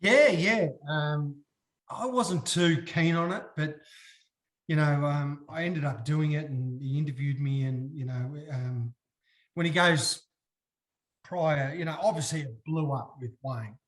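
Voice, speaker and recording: A middle-aged Australian man, a former footballer, telling stories as a guest in a casual chat, acting out quotes with big jumps in his voice. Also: unhurried. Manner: animated, acts out quotes with big pitch jumps. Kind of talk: casual storytelling.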